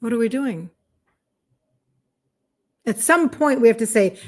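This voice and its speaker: A woman's voice: fairly high pitch, lively intonation, measured pace. A chatty woman in her fifties talking live to her viewers. She is an encouraging health coach who talks loosely, with plenty of fillers. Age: 50s. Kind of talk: casual live-stream chat, reading viewer comments.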